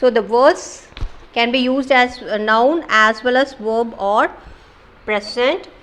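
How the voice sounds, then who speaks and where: A woman teacher with a Kerala Indian English accent talks through an English lesson in a fairly high voice. She explains step by step, leans on fillers and often checks whether her students follow. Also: a bit bright, rough recording. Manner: explains slowly with many fillers and check-ins. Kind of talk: recorded online English lesson.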